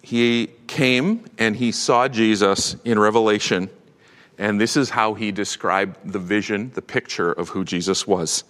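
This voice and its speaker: A man preaching a sermon with animated delivery, swinging from loud proclamation to hushed tones. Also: lowish voice, a little slow, long reverb tail. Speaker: pastor.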